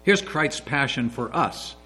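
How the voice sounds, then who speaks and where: A man's voice: mid-range voice, animated, slow pace, pushed and bright, slightly rough, soft background music, low-quality recording. A man in his sixties giving an earnest, story-filled sermon as a pastor. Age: 60s.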